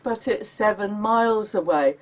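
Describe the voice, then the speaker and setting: A woman reading her memoir aloud, voicing her startled, sleepy husband in bewildered, halting lines. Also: mid-range voice, close to an everyday voice.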